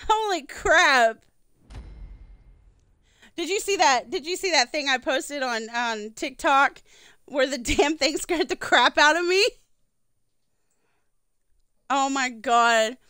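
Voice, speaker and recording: High-voiced woman gaming streamer, dry mic. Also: slow, long pauses, bright, forceful tone, no echo. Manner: chatty, swears freely, sings along. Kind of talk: casual gaming livestream chat.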